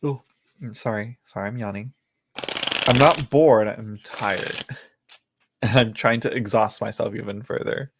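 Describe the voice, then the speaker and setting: A man's voice: lowish voice, unhurried, vocal fry, long pauses, noisy background. A man hosting a live tarot reading, chatting casually with viewers, laughing often and talking to himself as he goes through the cards. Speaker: tarot reader hosting a livestream. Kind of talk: casual livestream chat. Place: indoors at home.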